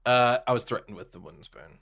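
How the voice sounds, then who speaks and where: Male podcast co-host, middle pitch, deadpan mock outrage. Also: fast, creaky. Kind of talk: casual chat.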